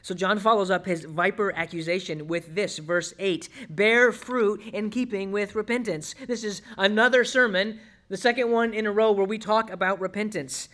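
Pastor, man, high voice, earnest sermon delivery with urgent appeals and soft drops. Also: steady tone, normal speed. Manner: earnest, swings from loud urgent appeals to hushed tones.

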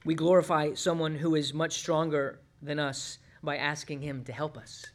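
A man preaching a sermon as pastor, earnest, swinging between urgent pleading and hushed, quiet passages. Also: on the high side, level tone, moderate pace.

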